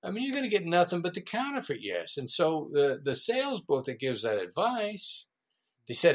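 A man, a guest negotiation expert, explaining ideas in an animated interview and acting out quoted voices. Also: a little high, normal speed.

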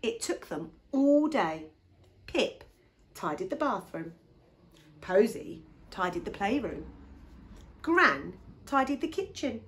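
A woman reading a picture book aloud to young children, as a teacher. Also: medium pitch. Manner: expressive, slow, lively.

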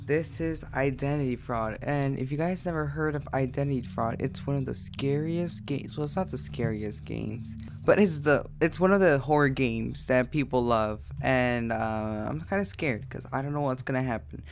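A man's voice: mid-range voice, moderate pace, creaky, few pauses, background noise. A male gaming YouTuber giving jumpy horror gameplay commentary, repeating frightened exclamations.

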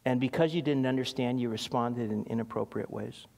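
A middle-aged man preaching a sermon in a conversational, animated way, telling stories with many ums and restarts. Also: mid-range voice, fairly quick, vocal fry. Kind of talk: sermon with personal storytelling. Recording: long hall reverb.

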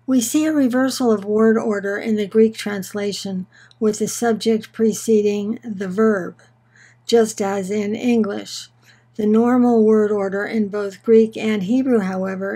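A woman giving a scripted Bible lesson in a measured, earnest way, slowing down on key words for emphasis. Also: mid-range voice, fairly even intonation, warm tone, rough recording. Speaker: Bible teacher. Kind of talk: scripted teaching narration.

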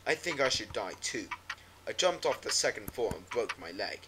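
A man reading as a hushed, paranoid aunt. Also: very animated, moderate pace. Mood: hopeless. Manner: low, hushed and hopeless. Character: paranoid, despairing middle-aged aunt writing her diary. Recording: noisy with clicks and ticking.

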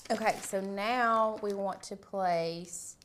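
A young adult woman leading a live craft demonstration, talking in a loose, chatty way while she lays out and presses pieces. Her voice sits at a middle pitch for a woman, and her words drift and restart as she focuses on the work in front of her. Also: takes it slowly, noisy background. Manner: chatty, talks while working with hands. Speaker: craft tutorial host.

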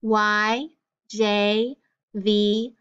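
A woman teaches a children's phonics lesson, pronouncing letters and sounds slowly and distinctly. She praises often, at a middle pitch. The recording sounds dull and lo-fi. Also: flat delivery, a bit bright. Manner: slow, clearly spelled-out letters and sounds, with frequent praise.

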